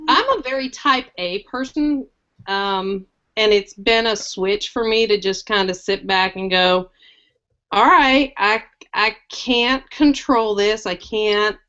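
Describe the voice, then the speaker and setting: A woman chats frankly about her own life, cracking dry jokes along the way. She turns lively and loud whenever she quotes someone, and her voice sits in a middle register. The audio is dull and lo-fi, like a web chat. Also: medium pitch, smooth. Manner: frank, joking, animated when quoting. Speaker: guest sharing her cancer story. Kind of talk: casual chat.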